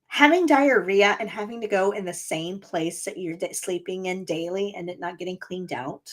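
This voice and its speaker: A woman's voice: lowish voice, moderate pace. A woman co-hosting a history and hauntings podcast, reading history aloud in a casual, teasing way. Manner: reads history aloud, laughs easily, teasing. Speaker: podcast co-host.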